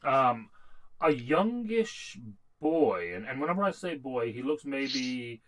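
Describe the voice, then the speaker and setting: A man running a tabletop game as dungeon master, narrating haltingly with many fillers and restarts. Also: medium pitch, sing-song, a bit bright, low-quality recording.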